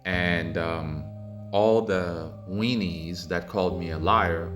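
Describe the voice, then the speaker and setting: A man hosting a commentary video, reading out viewer comments and ranting in a mocking, heated way that climbs into loud exasperated outbursts. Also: low voice, slow pace, over music. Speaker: commentary channel host.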